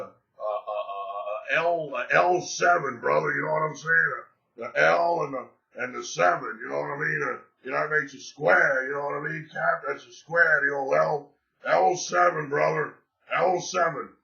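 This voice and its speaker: A man in a brash, profanity-laced betting-pick monologue, bragging as he runs through his plays. His voice sits high and sounds hard-edged and gravelly. The recording is dull and lo-fi. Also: sharp tone. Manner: boastful, profane and swaggering. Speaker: sports betting handicapper.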